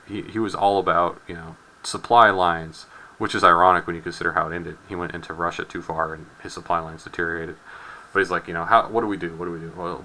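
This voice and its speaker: Man, low voice, sharp bright tone, rambling chemistry lecture, jokey asides, faint background noise. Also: poor audio. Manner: rambling, joking asides, repeats words. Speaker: chemistry instructor. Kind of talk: casual recorded lecture.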